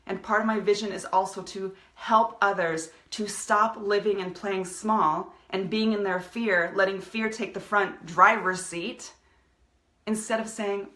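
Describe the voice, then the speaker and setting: A woman's voice: medium pitch, steady tone, measured pace, bright, forceful tone, echoey room. A woman giving a passionate motivational talk on a live video stream, speaking as a coach to her viewers. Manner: passionate, fired-up motivational delivery. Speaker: business coach.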